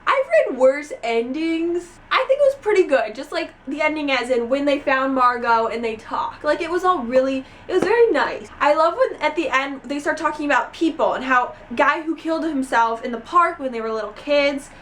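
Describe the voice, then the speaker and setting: A young woman reviewing a book in a casual vlog, gushing and excitable, with lots of "like" fillers. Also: high voice, normal speed, hardly any pauses, slight background noise. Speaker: book vlogger.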